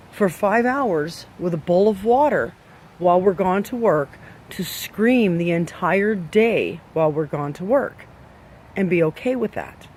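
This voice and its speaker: A man's voice: high-pitched, a little hiss or hum. A man giving dog owners blunt training advice, emphatic and scolding, with many rhetorical questions.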